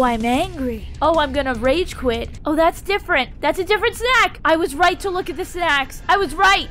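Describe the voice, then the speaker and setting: A woman's voice: very high voice, pushed and bright. A young woman commentating her own horror game playthrough, dramatic and jokey, shrieking when startled. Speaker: gaming YouTuber. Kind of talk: let's play commentary.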